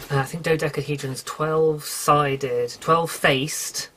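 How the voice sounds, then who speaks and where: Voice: mid-range voice, steady tone, unhurried, fairly bright tone. A podcast host with a British accent, chatting alone in a rambling way, correcting and apologising as they go. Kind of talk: casual solo podcast chat.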